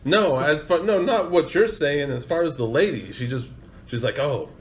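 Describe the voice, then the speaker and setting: A man's voice: on the high side, expressive, normal speed. A young man and podcast co-host, cutting in with teasing remarks and jokey questions. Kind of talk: casual chat. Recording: faint background noise.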